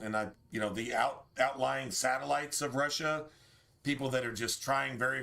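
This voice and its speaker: Guy streaming a game, bright tense voice, rambly and sweary, just chatting. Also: medium pitch. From United States. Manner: rambling, profane, opinionated. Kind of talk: casual livestream chat.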